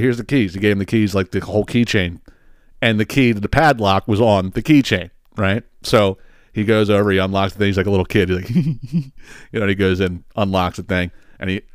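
A man with a low voice talks casually on his podcast and tells a profane, meandering story. He laughs a lot and acts out the scenes as he goes. The sound is dry, with no room echo. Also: clear, resonant tone. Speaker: podcast host.

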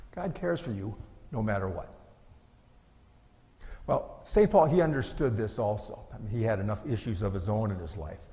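A man's voice: on the low side, dark tone, in a large hall. A middle-aged male pastor preaching a sermon in an earnest, conversational way, asking his listeners rhetorical questions.

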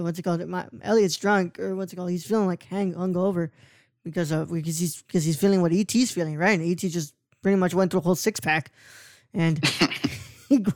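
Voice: medium pitch, no echo, studio quality. A podcaster chatting about a film, rambling and often stopping to search for words. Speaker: podcast co-host. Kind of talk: casual podcast film chat.

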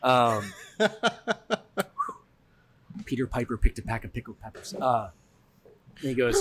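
A man's voice: medium pitch, sing-song, slow, pauses often, a bit bright, breathy edge, dry recording. A man co-hosting a podcast, telling a story in casual chat, acting out the people in it and laughing often. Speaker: podcast co-host.

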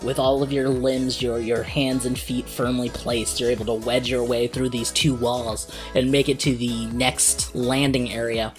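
A game master narrating a tabletop game in a descriptive, unhurried way with filler pauses. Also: medium pitch, level tone, music in the background.

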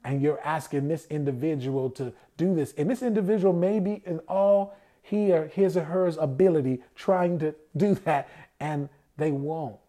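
A man delivers a conversational sermon in a fairly high yet warm, mellow voice. He keeps asking his listeners rhetorical questions and then answers them himself. Now and then he slips into the voices of the people he quotes. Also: moderate pace.

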